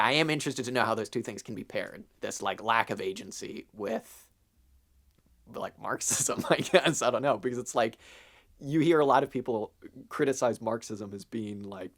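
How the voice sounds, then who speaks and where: A man's voice: fairly low pitch, normal speed. Rambling young man on a podcast. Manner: rambling, filler-heavy, casually profane. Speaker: podcast co-host. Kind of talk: casual chat.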